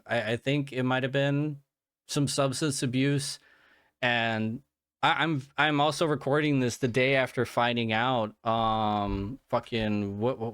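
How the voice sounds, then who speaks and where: A man's voice: mid-range voice, fairly bright tone, clean tone, no echo, studio quality. Tired, sick man rambling on a podcast. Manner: rambling, profane, lots of restarts and fillers. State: sick and fatigued, yawning. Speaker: podcast host. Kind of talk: casual solo podcast monologue.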